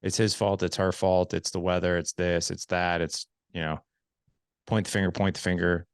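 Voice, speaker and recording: A man's voice: low voice, flat delivery, moderate pace, clean tone, no room sound, clean studio sound. A man in his forties hosting a podcast conversation, talking in an earnest, reflective way and often restarting or repeating words as he thinks. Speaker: podcast host.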